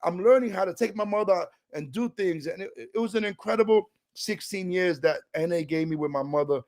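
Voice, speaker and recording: A middle-aged New Yorker from a Puerto Rican family tells his personal recovery story in a streetwise, emotional, casual way. His voice is high-pitched and a little mellow, and he talks a little fast.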